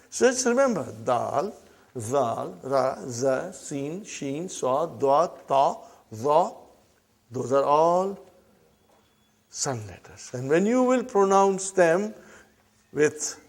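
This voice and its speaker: A man teaching Arabic to a live class, repeating each word slowly and often checking in with the students. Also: on the high side.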